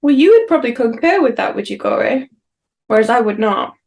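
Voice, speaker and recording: A woman's voice: on the high side, very animated, brisk, darkish tone. A woman co-hosting a podcast, chatting casually and rambling through funny stories with self-mocking humour. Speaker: podcast co-host. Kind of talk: casual chat.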